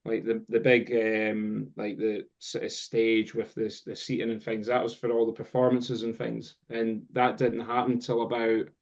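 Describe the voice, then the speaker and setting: A Scottish man, a guest drum teacher, telling a long story in casual chat, rambling with many pauses and fillers. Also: lowish voice, monotone, creaky, a little mellow. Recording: dull lo-fi sound.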